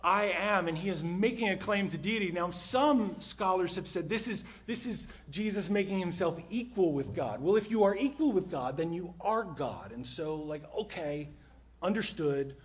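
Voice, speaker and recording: Animated man preaching a sermon. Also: high-pitched, normal speed. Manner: animated, conversational preaching with sudden drops to a hush. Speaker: pastor. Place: church stage with microphone.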